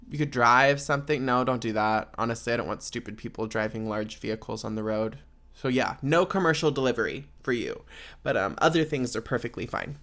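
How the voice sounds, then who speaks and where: A man's voice: fairly high pitch, pushed and bright. Male podcast host, casual solo chat, sarcastic, rambling with lots of fillers.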